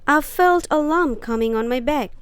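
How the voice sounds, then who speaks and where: A woman's voice: high voice, normal speed, dry recording, natural voice. A woman voicing a sickly, spoiled young boy who whines and feels sorry for himself. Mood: whining. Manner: whiny and self-pitying.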